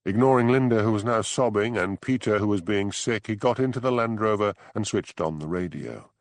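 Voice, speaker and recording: A man reading an audiobook narration in a measured, expressive storytelling manner. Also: fairly low pitch, no echo. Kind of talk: scripted narration.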